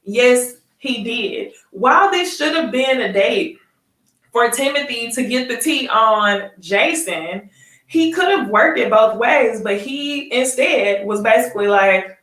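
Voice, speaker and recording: A woman's voice: on the high side, lively intonation, a little slow, fairly bright tone, reverberant, recorded from a distance. A woman hosting a casual live recap of a reality dating show, chatting straight to her viewers and laughing often. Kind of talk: casual live review chat.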